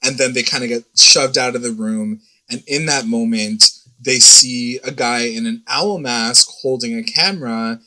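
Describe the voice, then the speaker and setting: A man's voice: medium pitch, a little slow, hardly any pauses, sharp tone, poor audio. A man co-hosting a podcast, recapping an episode in rambling casual chat and swearing freely. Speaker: podcast co-host.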